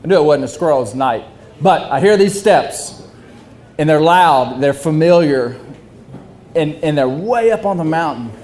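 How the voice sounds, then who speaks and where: A young man telling a hunting story, animated and often laughing while he talks. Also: on the high side, moderate pace. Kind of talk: casual storytelling.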